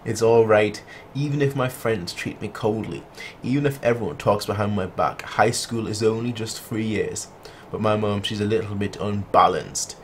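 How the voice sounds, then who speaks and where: A man's voice: on the low side, normal speed, slight background noise, close to an everyday voice. A man reading a trapped, desperate teen girl. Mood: pleading. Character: lonely sixteen-year-old girl, trapped and desperate. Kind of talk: reading manga dialogue aloud.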